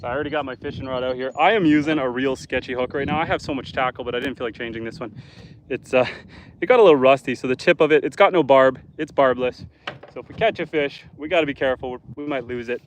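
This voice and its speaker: A man's voice: mid-range voice, quick pace, slight background noise. A man from northern Canada, a homesteader livestreaming outdoors by a lake, chatting casually with viewers and joking while he fishes. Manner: chatty, joking, talks to chat while fishing. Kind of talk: casual live stream chat.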